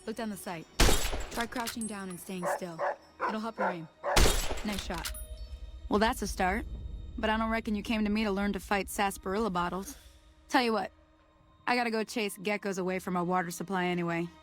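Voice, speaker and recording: A woman's voice: medium pitch, steady tone, fairly quick, pauses often, over loud music, lightly acted. A young woman voicing a friendly frontier guide in video game dialogue, with homespun country turns of phrase. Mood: easygoing. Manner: folksy, homespun country talk.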